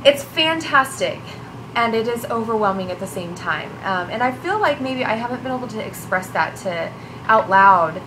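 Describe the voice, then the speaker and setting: A young woman talking through her feelings in a personal vlog, halting and emotional, with many fillers and restarts. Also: a little high, animated, noisy background. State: tearful. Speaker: vlogger.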